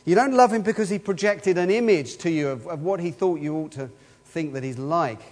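A man's voice: on the high side, brisk, a little mellow. A man preaching a sermon in an earnest way, asking the same questions again and again. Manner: earnest, repeats rhetorical questions. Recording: long hall reverb.

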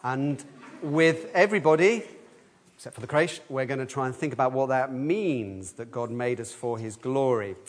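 A man leading a children's talk in church, lively, asking the room questions and leading call-and-response answers. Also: medium pitch, normal speed, a little hiss or hum. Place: church hall. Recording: long hall reverb.

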